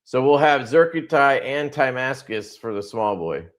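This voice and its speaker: A man chatting loosely on his own livestream, drifting from one thought to the next. He swears freely and laughs often. His voice sits in an ordinary middle pitch. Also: expressive, a little slow. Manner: rambling, profane, laughs often. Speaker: livestream host. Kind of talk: casual livestream chat.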